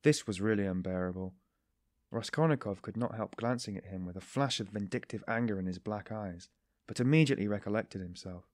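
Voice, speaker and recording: Man, audiobook narration, low voice, dry close sound. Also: brisk, no echo. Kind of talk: scripted narration.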